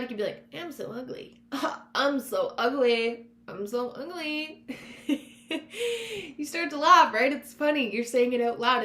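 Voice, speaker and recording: A woman hosting a self-help podcast, talking in an encouraging, conversational coaching manner, drawing on her past work as a counselor. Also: mid-range voice. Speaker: podcast host; former counselor. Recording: roomy echo with faint hum.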